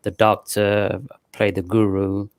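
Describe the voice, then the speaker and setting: Man, British accent, low voice, flat delivery, hesitant with restarts, dry close sound. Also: clear, resonant tone, dry recording. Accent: British English. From Pakistan. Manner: halting, full of pauses and restarts. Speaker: podcast guest. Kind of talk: casual interview talk.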